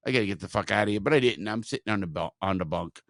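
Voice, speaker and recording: Low gravelly man telling a blunt story. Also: racing, dry recording, studio quality. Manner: blunt, profane, animated storyteller. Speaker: podcast host. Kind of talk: casual profane storytelling.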